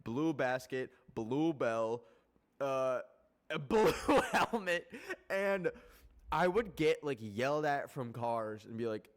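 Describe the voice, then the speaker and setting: A man from Canada, a streamer chatting casually to his viewers, rambling and swearing often, with excitable bursts. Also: medium pitch, slow pace. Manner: rambling, profane, excitable, with laughs.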